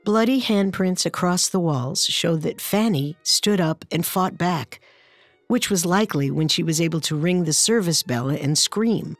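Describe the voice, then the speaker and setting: Low-voiced woman narrating true crime. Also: a little slow, no room sound, soft background music.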